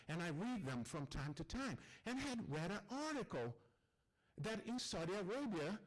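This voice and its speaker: A man tells a funny personal story to a live audience, voicing each exchange with theatrical animation. His voice sits high and leaps widely in pitch as he builds to the punchline. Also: poor audio. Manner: animated, acts out dialogue.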